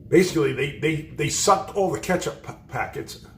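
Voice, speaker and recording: A man's voice: a little high, moderate pace, fairly bright tone, a little hiss or hum. Blunt, profane man telling stories. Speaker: livestream host. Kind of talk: storytelling on a livestream. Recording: roomy echo.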